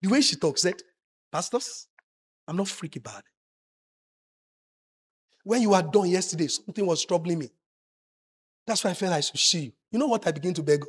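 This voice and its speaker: A man preaching a sermon, moving from quiet, confiding asides to loud, shouted emphasis. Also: high-pitched, fast, slightly rough. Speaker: pastor.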